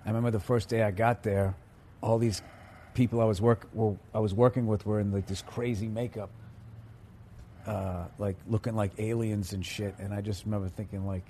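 A man's voice: on the low side, level tone, normal speed, mellow, slight background noise. A middle-aged man with a Boston accent, a guest comedian chatting on a podcast, rambling through stories and swearing freely. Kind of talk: casual podcast chat.

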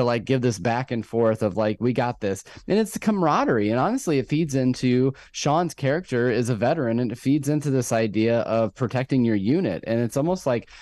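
A man's voice: medium pitch, no room sound. Man musing on a podcast, dry close sound. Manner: thoughtful, rambling, many fillers, rises when excited. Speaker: podcast co-host. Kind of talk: casual chat recapping a TV episode.

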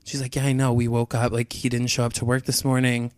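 A man telling a rambling anecdote in casual chat, with lots of "like" and a breathless, animated delivery. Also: medium pitch, fast talker, no echo, clean studio sound.

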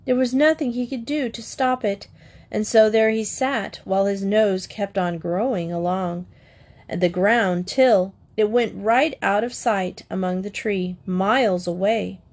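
A woman reads a classic fairy tale aloud with a calm, measured storytelling delivery. Her voice sits at an ordinary middle pitch, and she lets the phrasing carry the story with gentle expression. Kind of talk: storybook reading of fairy tales.

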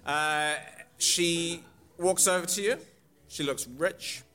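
A man narrating a tabletop role-playing game as game master, casual and halting with many fillers. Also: fairly high pitch, pushed and bright.

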